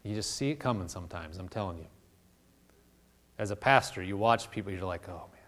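A male pastor preaching a sermon in a conversational way, acting out little dialogues and dropping to hushed intensity. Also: deep voice, brisk. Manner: animated preaching, acts out voices of God and people.

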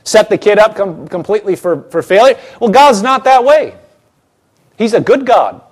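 A man's voice: sits high, big pitch swings, moderate pace. A man preaching a sermon as pastor, emphatic, often repeating phrases and restarting.

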